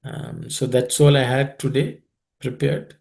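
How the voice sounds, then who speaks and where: Gravelly man leading a study group. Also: mid-range voice, a little mellow. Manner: unhurried, thoughtful, with many pauses. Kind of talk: explaining scripture and telling stories.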